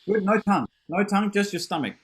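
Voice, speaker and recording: A man's voice: high voice, expressive, fast. Upbeat man teaching on a video call. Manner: encouraging, self-deprecating, demonstrates with sung syllables. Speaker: horn teacher giving a masterclass.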